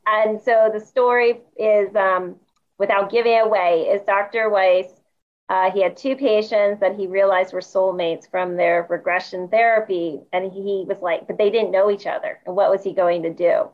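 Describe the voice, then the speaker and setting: A woman's voice: mid-range voice, fairly even intonation, normal speed. A woman hosting a podcast, chatting casually with her guest and asking eager questions. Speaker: podcast host. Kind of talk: casual interview chat. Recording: dull lo-fi sound.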